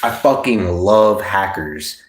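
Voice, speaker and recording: A man hosting a casual livestream, rambling and excitable, swearing freely. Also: on the low side, slow pace, roomy sound. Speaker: livestream host.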